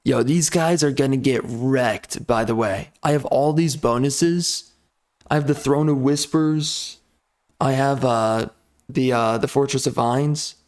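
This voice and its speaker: A man's voice: medium pitch, unhurried, darkish tone. A man giving casual gameplay commentary, ranting in a mock-outraged, sarcastic way. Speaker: strategy game YouTuber.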